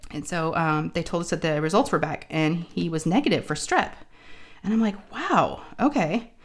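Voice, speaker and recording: A woman's voice: low-pitched, brisk. A woman with a sore throat, telling a story in casual chat and acting out the people she quotes. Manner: chatty, acts out quoted dialogue. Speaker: crafting channel host.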